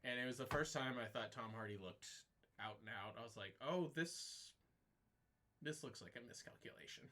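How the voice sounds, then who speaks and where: Guy with a bright tense voice chatting about an old film, thoughtful. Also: mid-range voice, normal speed. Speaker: podcast co-host. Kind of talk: casual film discussion. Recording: livestream.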